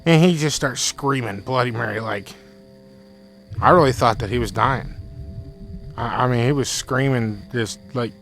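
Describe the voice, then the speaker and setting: A man's voice: mid-range voice, a little slow, creaky, long pauses, rough recording. Man rambling through a scary story. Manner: rambling, repeats himself, quotes friend in excited bursts. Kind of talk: casual storytelling.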